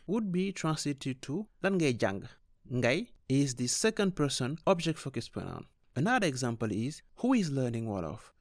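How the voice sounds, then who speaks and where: A man teaching a scripted beginner grammar lesson, explaining clearly and steadily with examples. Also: mid-range voice, no echo, studio quality. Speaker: language teacher.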